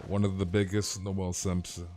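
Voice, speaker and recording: A young man with a deep, mellow, level voice speaks a little slowly while streaming a game, with a bit of hiss or hum in the audio. He chats casually in slang, reads chat aloud, and often stammers over repeated words.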